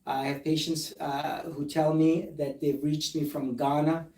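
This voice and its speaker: A man's voice: fairly high pitch, flat delivery, unhurried, mellow, echoey room, distant mic, rough recording. A man who is a plastic surgeon, speaking earnestly and emphatically and reading documents aloud during a recorded live discussion.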